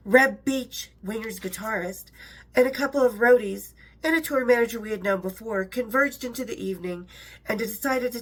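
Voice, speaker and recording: Chatty middle-aged woman reading her memoir. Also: a little high. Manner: chatty, laughs between passages, self-interrupting. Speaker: author and storyteller. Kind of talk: reading her memoir aloud with casual asides.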